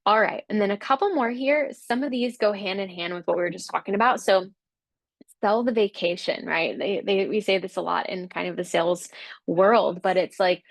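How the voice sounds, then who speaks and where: A woman's voice: mid-range voice, moderate pace, vocal fry, no echo. A woman giving an upbeat, encouraging talk that coaches fitness instructors, often acting out quotes from clients. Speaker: Pilates business coach.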